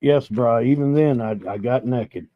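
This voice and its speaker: A man's voice: mid-range voice, measured pace, dry recording. A middle-aged man hosting a live stream, telling a story in a laid-back, rambling, profane way while having drinks. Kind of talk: casual storytelling chat over drinks. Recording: dull, dry lo-fi sound.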